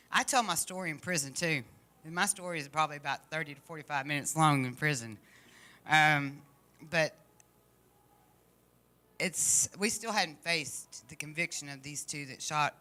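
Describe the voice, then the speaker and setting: A woman giving a heartfelt, halting personal testimony to a church congregation. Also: deep voice, sharp tone. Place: church service.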